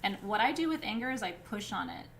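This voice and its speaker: This spiritual teacher's voice is medium-pitched, expressive, and a bit bright, with vocal fry. In her live class on crystals and chakras, she speaks casually, says "um" in pauses, checks in with "right?", and laughs easily. There's a little hiss or hum.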